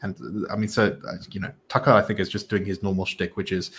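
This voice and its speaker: A man's voice: low-pitched, little pitch movement, quick pace, hardly any pauses, fairly bright tone. A man hosting a casual political chat, talking in a rambling, opinionated way with many restarts.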